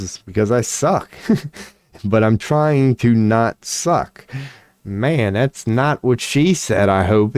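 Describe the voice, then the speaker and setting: A man live-streaming tarot readings, chatting casually and reading chat aloud, his voice going hoarse as he keeps clearing his throat. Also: medium pitch, a little mellow, dry recording. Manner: rambling, swears casually, laughs often, reads chat aloud.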